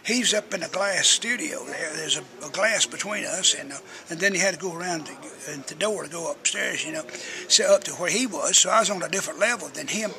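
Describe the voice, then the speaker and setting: A man's voice: high voice, a little fast, creaky, a crowd in the background. An older man, a radio personality telling rambling, folksy stories as an interview guest. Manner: folksy, chatty storyteller who acts out quotes.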